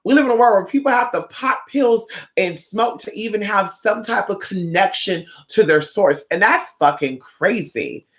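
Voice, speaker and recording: A livestreamer from Northern California, who also frequents spiritual shops, welcomes viewers in a casual chat. She's sassy and profane, an animated storyteller who acts out quotes. The voice is medium-pitched at a normal speed.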